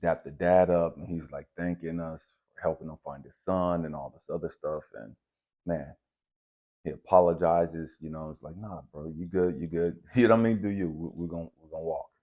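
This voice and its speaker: Relaxed male host with a deep, mellow voice, telling a spiritual story like chatting with a friend. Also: fairly quick, dull audio. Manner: relaxed, conversational, uses slang like bet and dap. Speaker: channel host.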